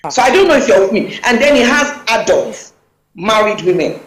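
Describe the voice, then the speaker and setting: A woman's voice: a little high, animated, normal speed, echoey room, rough recording. A woman, a talk show guest speaking emphatically and urgently over a video call.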